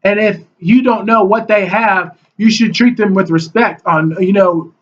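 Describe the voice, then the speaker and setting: Guy with a really high voice ranting at the camera, heated and mocking, dull muffled lo-fi audio. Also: unhurried, a little hiss or hum. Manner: heated and mocking, mimics opponents in whiny voices. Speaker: video blogger. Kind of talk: ranting monologue. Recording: dull lo-fi recording.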